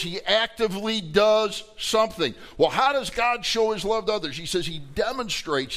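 A man's voice: fairly high pitch, fairly bright tone. A man preaching a sermon to his congregation, conversational and joking, acting out arguing voices with big swings in emphasis. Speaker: pastor.

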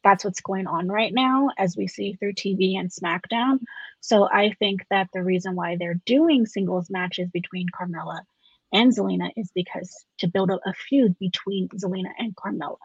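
A woman on a podcast panel, explaining her views in a calm, analytical way. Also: mid-range voice, normal speed, breathy edge, no room sound. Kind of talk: casual chat. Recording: muffled lo-fi mic.

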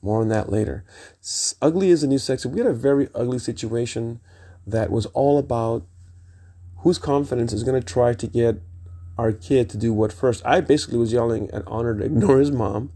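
A man's voice: mid-range voice, a little fast, warm tone, husky. A middle-aged man vlogging, telling a rambling personal story in an emphatic, digressive way and swearing freely.

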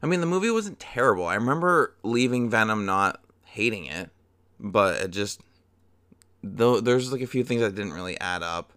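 A man's voice: fairly low pitch, animated, moderate pace, fairly bright tone, clear, resonant tone, dry recording. A young man hosting a casual solo movie review podcast, chatty and profane, rambling with lots of fillers.

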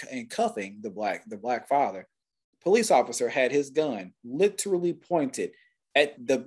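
A man's voice: mid-range voice, darkish tone, breathy edge. A man co-hosting a podcast, talking in a blunt, heated and profane way. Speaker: podcast co-host. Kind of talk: casual opinionated chat.

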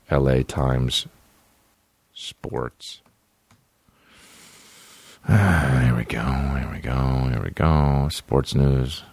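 A man's voice: a bass voice, vocal fry, a little mellow, no echo. A male comedy podcast host talking in a crude, rambling way, mocking and profane, dropping to mumbles and then bursting out. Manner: profane, mocking, swings between mumbling and outbursts. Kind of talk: crude rambling comic chat.

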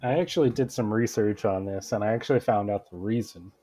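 A man's voice: lowish voice, fairly quick, warm tone. A man co-hosting a casual movie podcast, making wry, dry jokes. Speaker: podcast co-host. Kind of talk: casual movie-rewatch chat.

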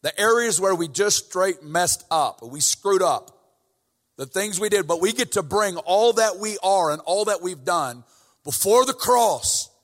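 Man, preacher, sermon in church, slightly high voice, casual then fervent, long hall reverb. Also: expressive, measured pace, a bit bright. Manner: conversational, builds to fervent emphasis. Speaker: guest preacher. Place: church sanctuary.

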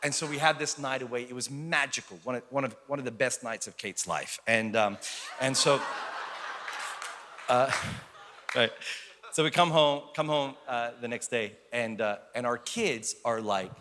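A man in his thirties preaching a conversational sermon as pastor, telling stories and rising into loud, excited preaching. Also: medium pitch, normal speed, big-room sound, a little hiss or hum. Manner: conversational, building to shouted preaching.

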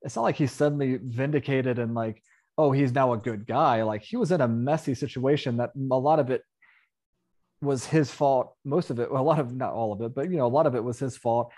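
A man's voice: mid-range voice, a little fast, a little mellow. A man hosting a casual movie review chat, talking in a rambling way with many fillers and self-corrections. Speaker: podcast host.

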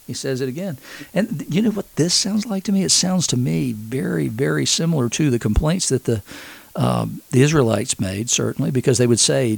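A man's voice: medium pitch, expressive, moderate pace, vocal fry, breathy edge, no room sound. A man preaching a conversational sermon, earnestly retelling a scripture story and acting out its quotes.

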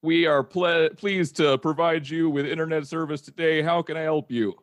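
A man's voice: on the high side, steady tone, normal speed, lightly acted. A man voicing an overly polite male internet-provider phone rep with an odd put-on accent in an improvised comedy scene. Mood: polite formal.

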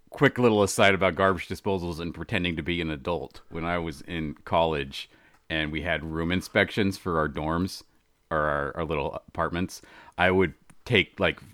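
A man in his thirties in casual podcast chat, animated and self-mocking, breaking into bits of mock outrage. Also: low voice, no echo, clean studio sound.

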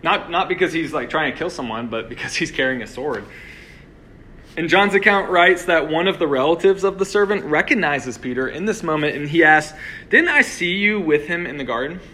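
A man's voice: fairly high pitch, brisk, sharp tone. A young man giving a conversational sermon to a room of listeners, full of "like" and restarts. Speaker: preacher. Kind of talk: casual sermon. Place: room with a live audience.

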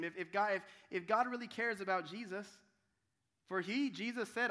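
A man preaching a sermon as pastor, dramatic, swinging from loud cries to hushed tones and often restarting his words. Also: sits high, moderate pace. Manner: restarts and repeats words while telling the story.

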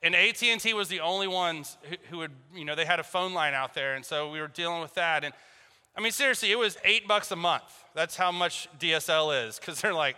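A man's voice: a little high, expressive, brisk, pushed and bright. A man preaching a sermon, telling a story and acting out both sides of a phone call with jokes. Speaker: pastor. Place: church hall. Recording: long hall reverb.

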